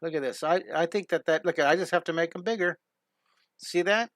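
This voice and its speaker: A man's voice: a little high, brisk, fairly bright tone, no echo. A middle-aged man teaching a live drawing lesson, enthusiastic and rambling as he talks through each step and chats with viewers. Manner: enthusiastic, rambling, reads viewer comments aloud. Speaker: drawing instructor.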